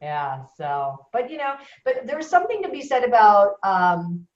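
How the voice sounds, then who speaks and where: A chatty woman telling a story on a call, her pitch swinging up and down as she talks. She sounds animated and confiding. The call audio is roomy and a little dull. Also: unhurried. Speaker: member on a call. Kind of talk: casual chat.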